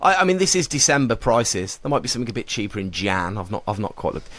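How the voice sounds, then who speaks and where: A man's voice: lowish voice, sing-song, fast, a bit bright. A man co-hosting a casual podcast, eagerly quizzing the others. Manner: enthusiastic, quizzing. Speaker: podcast co-host. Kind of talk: casual chat. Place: podcast cabin.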